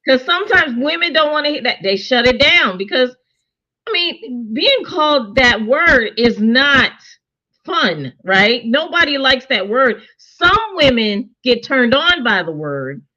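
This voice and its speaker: A woman's voice: high-pitched, a little slow. A woman co-hosting a casual TV review chat, talking things through and quoting characters as she goes. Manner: conversational, animated, quotes characters in her own voice. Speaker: show co-host reviewing a TV series. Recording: dull lo-fi sound.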